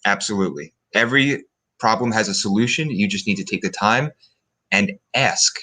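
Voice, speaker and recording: A man guest giving calm, measured advice in an interview. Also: lowish voice. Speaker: guest, broker instructor.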